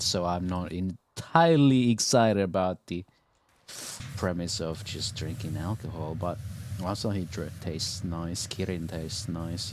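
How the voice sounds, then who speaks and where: A male streamer with a fairly low voice chats in a loose, rambling way while he plays. He swears casually and laughs easily between thoughts. A faint background hiss sits under his desk-mic sound. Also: a little mellow. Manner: laid-back, rambling, swears, laughs often. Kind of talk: casual chat while gaming.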